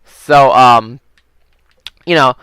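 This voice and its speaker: A man's voice: mid-range voice, extremely slow, bright, forceful tone, clear, resonant tone, dry recording, low-quality recording. A man telling work stories while playing a video game, rambling and swearing freely, with lots of "like" and "um". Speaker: gaming vlogger.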